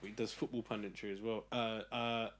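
A man's voice: lowish voice, little pitch movement, brisk. A man co-hosting a podcast, telling a joking anecdote between laughs. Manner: laughing storyteller, jokey. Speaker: podcast co-host.

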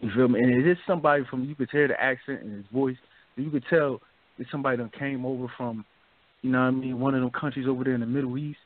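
A man's voice: mid-range voice, steady tone, fast, no room sound. A man hosting a radio talk show, chatting loosely and often asking "you feel me?". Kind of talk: casual discussion. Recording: dry, phone-like narrow sound.

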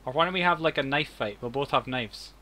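A man's voice: medium pitch, fairly quick, pushed and bright. A man with an Australian accent, streaming a game and trading cheeky, teasing banter. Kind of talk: casual gaming chat.

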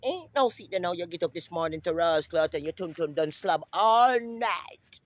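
A brash man with a Jamaican accent, ranting profanely in a casual vlog outdoors, repeating himself and breaking into sudden high-pitched calls. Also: lively intonation, normal speed, dry recording. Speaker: vlogger. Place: outdoors in the sun.

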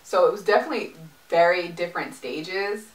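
A woman's voice: lowish voice, a little fast, distant mic. A young adult woman chatting casually in a vlog, talking in a loose, filler-heavy way. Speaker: pregnancy vlogger. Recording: echoey room, mic set back.

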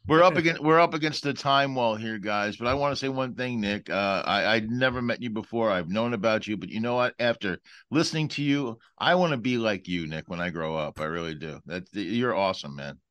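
A man's voice: fairly low pitch, brisk, hardly any pauses, fairly bright tone, dry recording. A male podcast host speaking earnestly, often repeating words as he starts. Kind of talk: casual chat.

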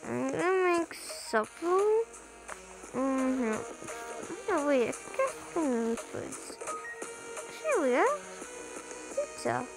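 A young woman with a high, sing-song, gravelly voice speaks slowly with long pauses over game music, in a rough recording. She chats aloud as she plays a game in a parent role, repeating words in bursts and letting out sudden yelps.

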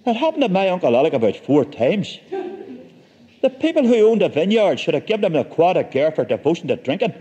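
A man's voice: high voice, big pitch swings, a little fast, warm tone, breathy edge, big-room sound, muffled recording. A man telling a comic story with dry, wry humor.

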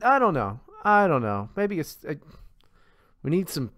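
A man's voice: a little high, big pitch swings, measured pace, a bit bright, dry recording, studio quality. A man co-hosting a podcast, ranting in a profane, exasperated casual chat with many restarts. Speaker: podcast co-host.

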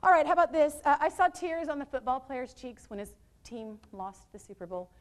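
Woman workshop presenter, high-pitched, upbeat, draws answers from a live audience of teachers. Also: a little fast, slight background noise. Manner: lively, quizzes audience with questions. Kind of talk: interactive teacher training workshop. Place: training room with live audience.

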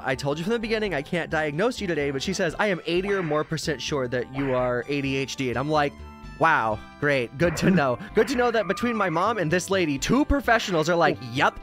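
Brief: slightly high-voiced male streamer, rambling and casually profane, game music clearly audible underneath. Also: a bit bright. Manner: rambling, tangential, swears casually. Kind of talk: casual storytelling while playing a game.

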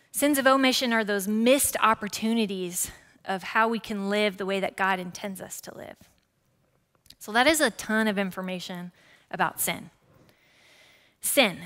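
Woman in her forties, pastor, sermon, conversational, bright voice, long church reverb. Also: medium pitch. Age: 40s. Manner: lively and conversational, with asides to the congregation. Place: church sanctuary.

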